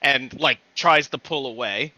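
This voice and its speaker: Player, male; slow, halting, bright, close and dry. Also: medium pitch, no room sound, poor audio. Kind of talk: playing a tabletop game.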